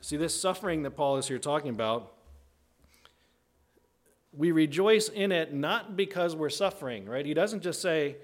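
Animated at a moderate pace and marked by long pauses, a man preaches a conversational, teaching-style sermon. He often checks in with "right?" and acts out quoted voices with big pitch jumps.

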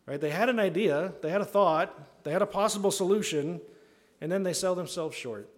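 Conversational preacher with a higher voice. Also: male voice, a little fast. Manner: conversational preaching, acts out quoted voices, frequent "right?". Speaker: pastor. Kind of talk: sermon.

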